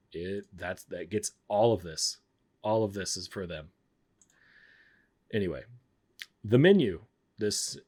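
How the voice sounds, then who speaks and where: A man's voice: fairly low pitch, a little mellow. A man streaming and chatting casually, rambling and blunt, often cutting himself off mid-sentence. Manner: blunt, rambling, self-interrupting. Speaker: streamer reviewing films. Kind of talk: casual chat.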